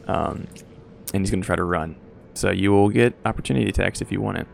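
A man's voice: deep voice, fast, gravelly, a little hiss or hum. A man narrating as game master of a tabletop game, hesitant and full of fillers. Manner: hesitant, filler-heavy, stuttering.

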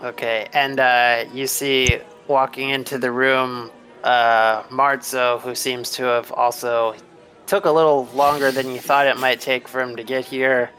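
A man's voice: mid-range voice, flat delivery, measured pace, pushed and bright, poor audio. A man narrating a tabletop game as game master, loose and rambling with many fillers.

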